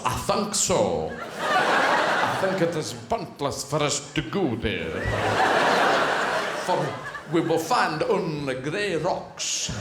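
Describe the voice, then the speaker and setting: A man voicing a gloomy Russian space official, with a put-on Russian accent and a slow, flat drawl, in a stand-up comedy show recorded in an echoey theatre. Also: a little high, voice pushed down. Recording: echoey theatre stage with audience noise.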